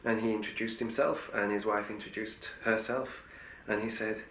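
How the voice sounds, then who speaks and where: A man's voice: on the low side, level tone, moderate pace, few pauses, a bit bright, roomy sound, highs cut off, slight background noise. A middle-aged male actor telling wry anecdotes in an interview, often restarting his sentences. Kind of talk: interview storytelling.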